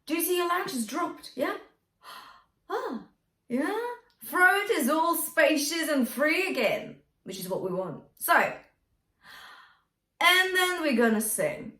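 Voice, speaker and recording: A woman's voice: high-pitched, sing-song, takes it slowly, pushed and bright. A woman vocal coach teaching a singing lesson, often checking in with "yeah?" and singing short lines to demonstrate. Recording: roomy, from a distance.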